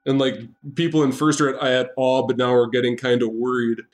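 A man's voice: medium pitch, flat delivery, brisk, a little mellow. Casual male game master. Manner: casual, filler-heavy narration. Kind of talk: narrating a tabletop game.

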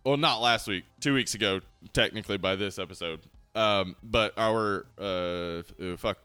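A man's voice: on the low side, moderate pace, bright, forceful tone, smooth, no room sound, soft background music. Podcast co-host, male, casual and rambling, dry close sound. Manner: laid-back, swearing, trailing off and restarting. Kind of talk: casual chat.

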